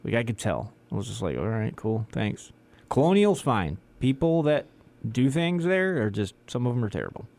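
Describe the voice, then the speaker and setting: A man's voice: mid-range voice, very animated, fairly quick, creaky, darkish tone. A man co-hosting a community radio show, chatting casually and rambling, laughing often and slipping into quoted voices. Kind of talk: casual on-air banter.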